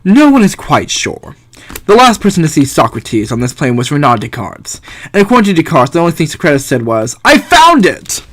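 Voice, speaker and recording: A man voicing a calm male arbiter figure in a game, measured and solemn. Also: a little high. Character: grand, calm male arbiter, an all-knowing judge.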